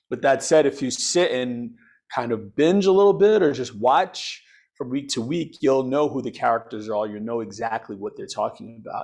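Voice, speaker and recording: A man's voice: mid-range voice, darkish tone. Enthusiastic man explaining with everyday comparisons. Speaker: podcast guest, financial educator. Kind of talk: upbeat interview talk.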